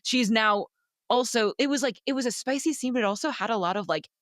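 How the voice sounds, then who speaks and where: A woman's voice: a little high, fast talker, no room sound, studio quality. A woman co-hosting a casual book podcast, talking animatedly, swearing freely and acting out characters' lines. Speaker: podcast co-host.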